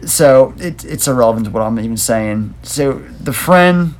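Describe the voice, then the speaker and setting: A man's voice: medium pitch, expressive, normal speed, darkish tone. A man co-hosting a casual movie review podcast, talking in a loose, rambling, laid-back way. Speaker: podcast co-host.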